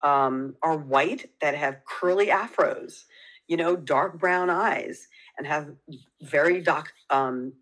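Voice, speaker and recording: A woman with a New York accent, a podcast guest talking in an earnest, animated way. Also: sits low, takes it slowly, low-quality recording. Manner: earnest, animated, laughs easily. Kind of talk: casual chat.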